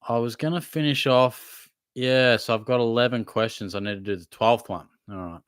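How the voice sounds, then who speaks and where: A man's voice: mid-range voice, normal speed, few pauses, clean tone, no room sound, studio quality. A young man hosting a casual live Q&A, reading out viewers' questions and answering them in a laid-back, matey way. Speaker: livestream host answering chat questions.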